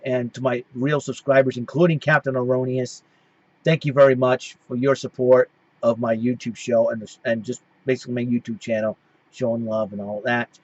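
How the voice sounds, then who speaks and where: A man's voice: medium pitch, little pitch movement, moderate pace, darkish tone, lo-fi sound. A man hosting his own show, giving a casual recap that rambles and keeps restarting its sentences. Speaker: host.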